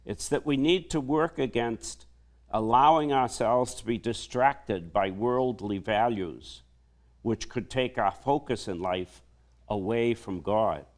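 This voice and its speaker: A male priest delivering a homily in a slow, measured preaching manner. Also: medium pitch.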